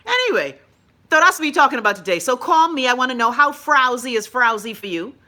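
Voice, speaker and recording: A Bahamian woman hosting a call-in show, ranting bluntly and profanely, swinging between loud outbursts and low mutters. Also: big pitch swings, a little fast. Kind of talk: blunt profane live-stream rant.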